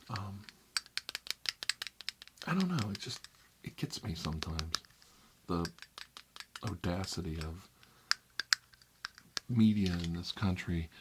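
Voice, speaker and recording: A man hosting an ASMR video, talking in a wry, conversational way that drifts between soft whispers and emphatic bursts. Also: low-pitched, heavy background noise. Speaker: ASMR channel host. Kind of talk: soft-spoken ASMR rant about news media.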